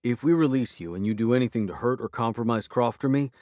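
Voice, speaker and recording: A man's voice: medium pitch, fast talker, a little mellow, dry recording, clean studio sound, natural voice. A man voicing a blunt young male wizard in an audiobook, talking casually and bluntly.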